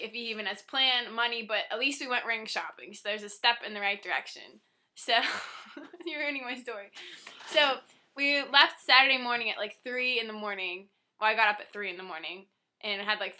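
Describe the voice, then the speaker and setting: A young woman tells her side of the story to the camera in a chatty, laughing way and keeps teasing the man beside her. Her voice is bright and forceful and sits slightly high, and she rambles along with lots of casual fillers. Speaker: vlogger telling her side of the engagement story.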